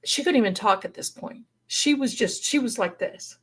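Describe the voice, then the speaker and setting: A woman's voice: fairly high pitch, animated, normal speed, a bit bright, breathy edge. A woman telling a story on a live stream in a dramatic, folksy way, calling her listeners darlings. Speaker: paranormal storyteller guest.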